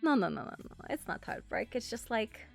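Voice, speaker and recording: High, lively woman rambling on stream. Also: fairly quick, creaky, soft background music. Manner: rambling, many fillers and restarts, casual swearing, frequent laughter. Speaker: streamer talking about her roleplay character. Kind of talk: casual live-stream chat.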